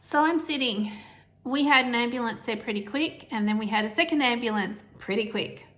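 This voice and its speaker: A middle-aged woman telling a personal health story to camera, emotional and halting, with restarts and nervous laughs. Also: on the high side, a bit bright.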